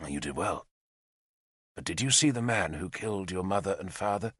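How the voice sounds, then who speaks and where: A man voicing a calm, kind warlord leader who speaks gently and low. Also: normal speed, no room sound, clean studio sound. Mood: gentle.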